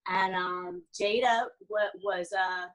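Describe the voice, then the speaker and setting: A woman in her forties, an actress guest in a casual interview, telling animated stories with frequent laughter. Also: mid-range voice, slow pace, poor audio.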